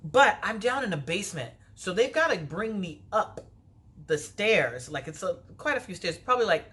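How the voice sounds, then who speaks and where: A woman telling a personal story in a vlog, animated and lively, her voice leaping up when she replays her own words. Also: medium pitch, normal speed. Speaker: vlogger.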